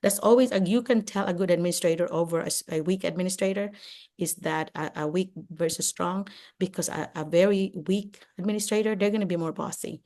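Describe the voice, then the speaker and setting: Older woman, retired educator, lively and chatty, lots of "you know", heard over a video call. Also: on the low side, brisk. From Philippines. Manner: animated, acts out classroom exchanges, many "you know"s. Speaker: retired teacher and administrator, guest speaker. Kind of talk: casual advice talk on a video call.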